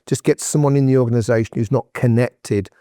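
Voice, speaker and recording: A man's voice: mid-range voice, fairly even intonation, brisk, warm tone, no room sound, clean studio sound. A man being interviewed on a podcast, giving advice in a direct, emphatic, conversational way. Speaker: guest entrepreneur.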